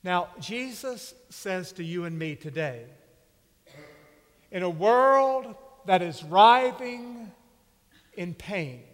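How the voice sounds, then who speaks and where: A man preaching a sermon with slow, emphatic delivery and dramatic pauses. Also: high-pitched, expressive. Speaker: pastor. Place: church sanctuary. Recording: long reverb of a church hall.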